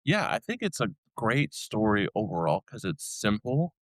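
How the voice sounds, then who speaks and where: Man, young adult, podcast guest, rambling chatty talk, lowish voice. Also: big pitch swings, normal speed, no room sound. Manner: rambling, lots of filler words. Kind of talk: casual chat.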